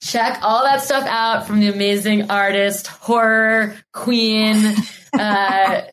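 A woman hosting a casual podcast interview, speaking in a warm, grateful and emotional way. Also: medium pitch, unhurried. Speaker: podcast host.

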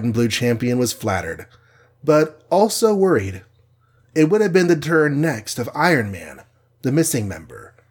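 Man, audiobook narrator, mid-pitched, dramatic superhero storytelling. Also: darkish tone.

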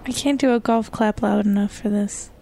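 A woman co-hosting a podcast in casual chat, playful and quick to laugh. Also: mid-range voice, fairly even intonation, gravelly, warm tone. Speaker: podcast co-host.

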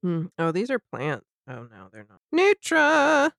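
A woman co-hosting a podcast in casual chat, telling rambling stories full of "like" and quick laughs. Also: deep voice, big pitch swings, dry recording, clean studio sound. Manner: rambling storyteller, heavy on "like", laughs often. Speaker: podcast co-host.

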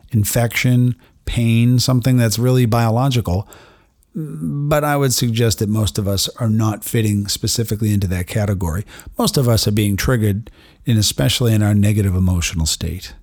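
A middle-aged man with a gravelly, creaky edge hosts his own podcast, speaking earnestly and reflectively to the listener. The sound is close and dry, with no room around it. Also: fairly low pitch, darkish tone, dry recording. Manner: earnest, self-reflective, addresses listener directly. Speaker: podcast host, doctor treating patients. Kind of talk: solo motivational podcast monologue.

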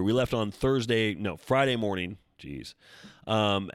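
A man with a deep, low voice hosts a solo fitness podcast, talking loosely and wandering from point to point. He jokes at his own expense. The sound is dry and close, with no room around it. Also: no echo. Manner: rambling, joking and self-deprecating. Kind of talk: casual solo podcast chat.

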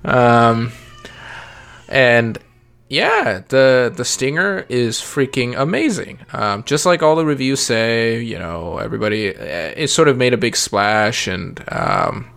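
Man, thirties, gravelly voice, easygoing rambling chat about kids; natural delivery. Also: medium pitch, sing-song, slow, fairly bright tone. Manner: rambling, many fillers and restarts. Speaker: parent podcast guest. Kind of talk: casual chat.

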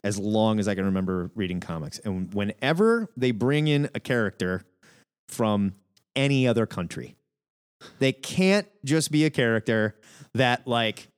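A man co-hosting a comic book call-in podcast, chatting casually, animated and often laughing. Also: fairly low pitch, measured pace, clear, resonant tone. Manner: animated, laughing, mocks accents in exaggerated bursts. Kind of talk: casual chat.

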